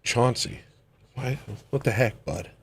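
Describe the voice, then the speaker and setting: A man hosting a casual livestream from his home, chatting excitedly and cooing over newborn puppies. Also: medium pitch, slow. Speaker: livestream host. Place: home with dogs.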